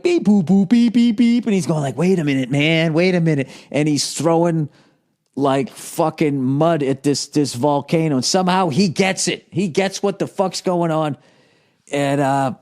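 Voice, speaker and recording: A man in his forties from the United States, hosting a podcast with a profane, animated, self-mocking comedic rant. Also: medium pitch. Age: 40s. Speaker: podcast host.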